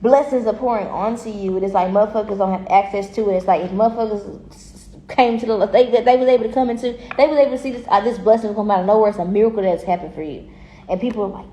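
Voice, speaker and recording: A woman gives a casual tarot reading in a mid-pitched voice, blunt and full of profanity. She talks in an animated way and laughs often. The sound is roomy and echoey. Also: fast, slight background noise. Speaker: tarot reader. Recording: echoey room.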